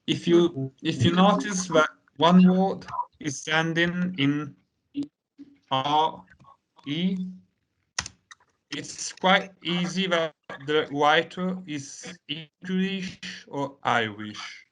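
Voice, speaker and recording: A man whose first language is Italian, teaching an English lesson in a relaxed conversational way with lots of fillers. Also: fairly high pitch, slight background noise. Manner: unhurried, many "you know" fillers.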